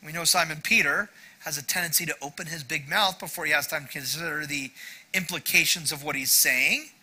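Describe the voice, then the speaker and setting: A man's voice: fairly high pitch, a little fast, sharp tone, poor audio. A middle-aged male pastor giving a sermon in a conversational, self-deprecating way, with frequent asides to the congregation.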